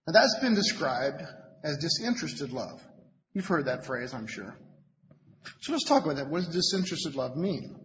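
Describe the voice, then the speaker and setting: A man giving an informal sermon as a lay preacher at a Bible study meeting, conversational and halting, often repeating words as he searches for them. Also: fairly high pitch, big pitch swings, fairly bright tone. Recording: lo-fi with long hall reverb, faint noise.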